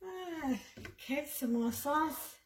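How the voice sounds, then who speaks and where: A woman's voice: high voice, slow. Woman, home cook, casual cooking demo, chatty with viewers, leisurely pace, faint background noise. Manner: chatty, talks straight to viewers.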